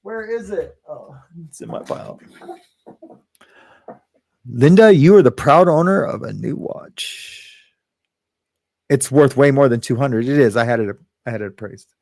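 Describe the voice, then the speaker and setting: A man hosting a casual livestream, reading viewer comments aloud and rambling with frequent chuckles and halting restarts. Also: medium pitch, animated, gravelly, a little mellow, no room sound, studio quality. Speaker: livestream host.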